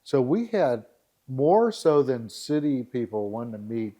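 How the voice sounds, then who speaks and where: A man chatting as a podcast guest, animated and full of anecdotes. He laughs readily while he talks and drops into voices to quote people, with a mid-range pitch. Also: a little slow. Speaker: founder of a rural dating site, podcast guest. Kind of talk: casual interview storytelling.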